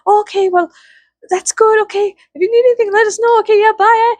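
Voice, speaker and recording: Woman doing a high-pitched Canadian stranger, sweet, sing-song, helpful, Canadian accent. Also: steady tone, fairly quick, no room sound. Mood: chirpy concerned. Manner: high, singsong, cheerful. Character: friendly, sweet Canadian passerby, chirpy and helpful.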